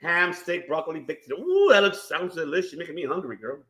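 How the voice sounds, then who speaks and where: A high-voiced man calls the action on a live wrestling watch-along stream, fairly quick and excitable, his bright, forceful tone echoing around a roomy space. Between moves he bursts into loud reactions and greets viewers in chat.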